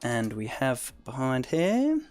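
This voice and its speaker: A man's voice: medium pitch, wildly swooping pitch, slow pace, over music. A man from the south of England with an Essex accent, chatting casually as a streamer while explaining a task and reading chat aloud. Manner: chatty, reads chat aloud, laughs often. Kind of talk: live-stream tutorial chat.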